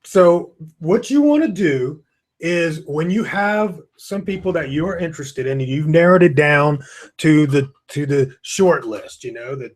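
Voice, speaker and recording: A man's voice: a little high, animated, measured pace. A tired man hosts a live webinar from his webcam. His talk is loose and rambling, and he greets viewers by name. He stifles yawns as he goes. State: tired, yawning. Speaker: online course host. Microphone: webcam with screen beside it.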